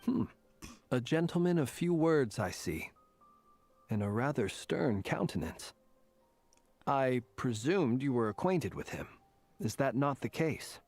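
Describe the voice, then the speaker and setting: A man voicing a courteous, formal gentleman in a video game, speaking in elaborate, measured phrases. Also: mid-range voice, big pitch swings, dry recording, faint music behind. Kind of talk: game voice acting.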